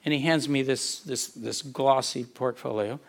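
A male pastor telling a story in a sermon, animated, chuckling often, and repeating words as he goes. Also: mid-range voice, a little slow.

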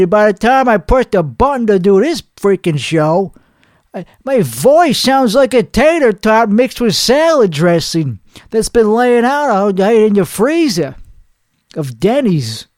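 A man playing a crude, boastful male singer, talking in a hoarse voice with a rambling, profane, cocky manner in a comedic character monologue. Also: high voice, sing-song, measured pace, darkish tone, no echo, clean studio sound. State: hoarse from singing.

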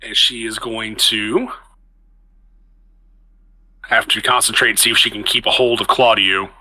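A man's voice: on the low side, fairly even intonation, unhurried, sharp tone, low-quality recording. A man narrating as game master of a tabletop game, chatty and restarting phrases as he describes the action.

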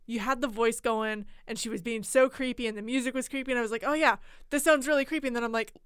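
A woman's voice: on the high side, steady tone, fast talker, a bit bright, smooth, no echo, studio quality. A woman chatting casually, enthusiastic and giggly, rambling as she praises the story. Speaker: co-host, listener. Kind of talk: casual chat.

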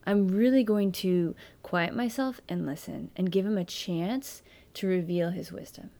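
A woman's voice: fairly low pitch, measured pace, warm tone. A woman in casual faith conversation, earnestly walking a listener through steps of prayer.

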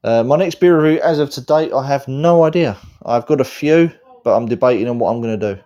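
A man's voice: mid-range voice, brisk, lo-fi sound. A man hosting a casual chat, swearing constantly and telling stories with energy. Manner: swears constantly, animated storytelling. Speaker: host.

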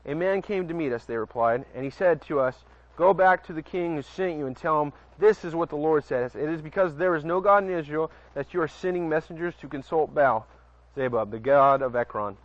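A man speaking a little high and a little fast preaches informally outside at night by a porch. He reads Bible verses aloud, frequently trips over words and tosses chatty asides to his audience, all in dull lo-fi audio.

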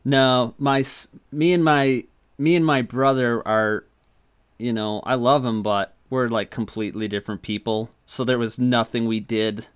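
A man in casual podcast chat, telling stories about his childhood in a relaxed way and swearing freely. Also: medium pitch, unhurried, clear, resonant tone. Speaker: podcast host.

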